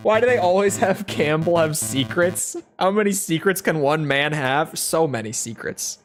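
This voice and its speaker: Low-voiced woman commenting on gameplay. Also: moderate pace, faint music behind. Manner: chatty, reacting and laughing, reading dialogue aloud. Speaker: gaming streamer.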